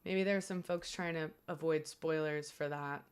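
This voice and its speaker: A woman's voice: sits low, steady tone, normal speed, clean tone. A young woman streaming from home, talking to her chat in an earnest, grateful, rambling way with many fillers.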